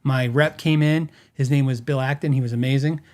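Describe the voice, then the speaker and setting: A middle-aged man hosts a podcast in a mid-range, darkish voice with fairly even intonation and a fairly quick pace. He rambles through stories in casual chat, laughing and piling on fillers and restarts.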